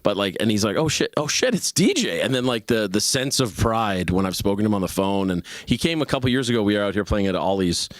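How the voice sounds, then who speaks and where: Swearing, laid-back man with a low voice. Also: fast, hardly any pauses, dry recording. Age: 30s. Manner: laid-back, swears often, laughs a lot. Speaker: guest musician. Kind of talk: casual interview chat.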